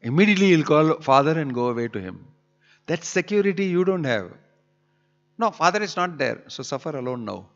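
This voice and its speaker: A man's voice: on the high side, expressive, brisk, lo-fi sound, faint music behind. A man giving a sermon on scripture, asking scolding rhetorical questions. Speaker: spiritual teacher.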